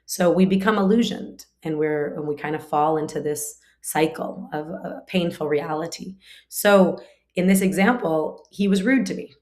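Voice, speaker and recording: A woman with a fairly low voice leads a relaxed scripture class. She talks in a loose, conversational way, leaning on filler words and homely examples from family life. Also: normal speed. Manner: conversational, frequent 'like' fillers; explains through everyday family examples. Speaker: spiritual teacher.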